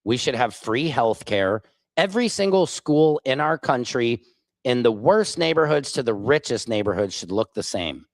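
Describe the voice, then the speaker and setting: A man's voice: fairly high pitch, sing-song, moderate pace, no echo. A man hosting a live stream, reading chat comments aloud and answering them in a combative, sarcastic way. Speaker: livestream host.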